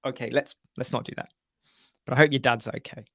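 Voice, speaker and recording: A man's voice: medium pitch, fairly even intonation, a little fast, gravelly, a bit bright, dry recording, clean studio sound. A man hosting a casual live web chat, answering viewers by name in a chatty, joking way. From United Kingdom.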